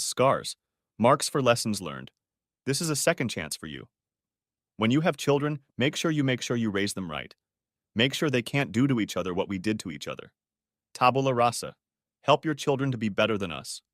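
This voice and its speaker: A man narrating a dramatic first-person family story audiobook in an expressive, emotional way. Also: mid-range voice, normal speed, no room sound, clean studio sound.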